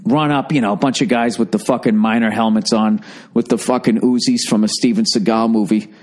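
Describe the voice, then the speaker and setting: In a lowish, steady, slightly mellow voice delivered a little fast, a male podcast host works through a long funny story. It's full of swearing and detours, and he corrects himself mid-sentence.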